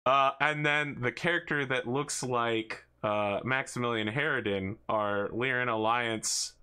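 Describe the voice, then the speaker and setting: A man hosting a tabletop wargame session as game master. He talks in a lively, joking way, with a bright, forceful tone at a middle pitch. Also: measured pace, clear, resonant tone. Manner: animated, jokey storytelling. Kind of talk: tabletop game narration, casual chat.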